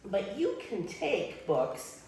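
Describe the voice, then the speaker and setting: A woman's voice: medium pitch, slow pace, a little hiss or hum. An older woman, a retired children's librarian, demonstrating how to read aloud to kids in a workshop, with playful exclamations. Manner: animated storytime voice, big swoops and playful exclamations. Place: workshop room. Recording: echoey room, voice from far off.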